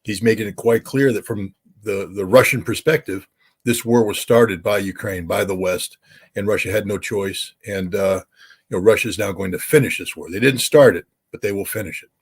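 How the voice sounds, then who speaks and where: Deep-voiced American man, halting and emphatic. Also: slightly rough. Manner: emphatic, many fillers and restarts. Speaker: former weapons inspector guest. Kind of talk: interview commentary.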